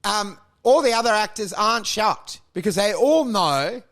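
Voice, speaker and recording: High, gravelly man ranting. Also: moderate pace. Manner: crude, rambling, animated rants. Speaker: podcast co-host. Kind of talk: casual comedic chat.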